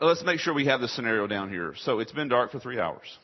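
A man preaching a sermon, emphatic and shifting between loud declarations and hushed asides. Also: mid-range voice, big pitch swings, a little fast, hardly any pauses, breathy edge. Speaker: pastor. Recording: dull lo-fi sound.

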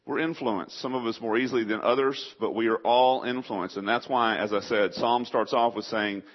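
A man's voice: mid-range voice, steady tone, normal speed. A man from southeast Texas preaching a sermon with a faint East Texas Southern accent, folksy and chatty, asking the congregation questions. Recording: dull lo-fi sound.

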